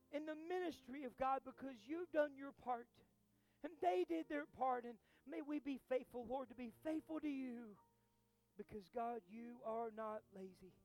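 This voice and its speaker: Pastor, male, high-pitched, fervent sermon delivery with faint music under it. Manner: preaching, swings from quiet storytelling to loud exhortation.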